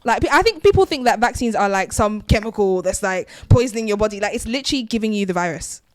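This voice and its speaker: A woman's voice: mid-range voice, animated, fast talker, dry recording. A woman co-hosting a podcast, from Nigeria and Britain, talking in an emphatic casual way with a lot of "like", her accent sliding toward Nigerian when she gets passionate. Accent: British with Nigerian lilt when passionate. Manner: emphatic, fillers of "like". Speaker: podcast co-host. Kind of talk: casual chat.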